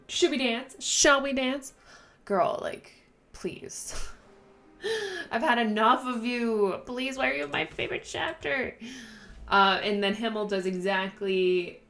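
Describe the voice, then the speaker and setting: Woman host, casual manga recap with emotional asides, slightly low voice, faint music bed. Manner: gushing, animated storytelling with quick asides.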